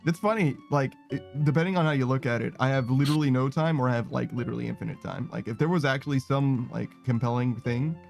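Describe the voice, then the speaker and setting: A man streaming a game, chatting casually with a friend, self-deprecating and quick to laugh. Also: medium pitch, vocal fry, darkish tone, soft background music. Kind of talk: casual gaming stream chat.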